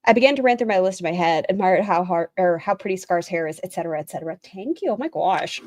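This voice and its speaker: A woman's voice: on the low side, animated, fast talker, a little mellow, no room sound. A woman hosting a livestream, reading out a written statement and viewers' chat messages and commenting on them bluntly, swearing casually. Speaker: livestream host.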